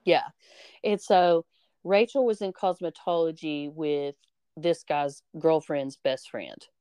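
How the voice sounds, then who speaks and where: A young woman hosting a podcast, casually telling a story with animated energy and frequent swearing, acting out the people she quotes. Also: low voice, takes it slowly, clear, resonant tone, no echo. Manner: animated, acts out quoted voices, swears freely. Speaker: podcast host.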